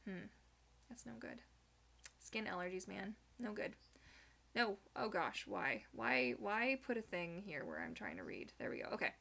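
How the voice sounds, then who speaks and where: A young woman hosting a live Q&A, chatting casually and reading viewer comments aloud with animated, giggly asides. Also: medium pitch, normal speed, gravelly. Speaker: livestream host answering viewer questions.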